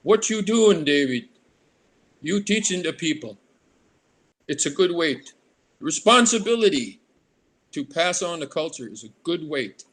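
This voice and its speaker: A man's voice: a little high, big pitch swings, unhurried, long pauses, a bit bright, voice pushed up, full character voice. A man voicing his elderly grandfather, a kind, plain-spoken old man who talks in short, broken phrases. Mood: gentle.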